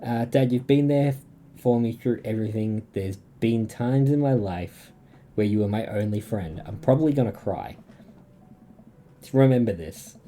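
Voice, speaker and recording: A man's voice: mid-range voice, warm tone, a little hiss or hum. A young Australian man streaming a dating game, reading its lines aloud and chatting between them. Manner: reads game dialogue in a plain voice, breaks off to chat and laugh.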